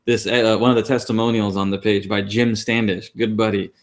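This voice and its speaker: A man's voice: on the low side, little pitch movement, fairly quick. A man co-hosting an online class, talking casually with many fillers and restarts. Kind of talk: casual teaching talk. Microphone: online class call.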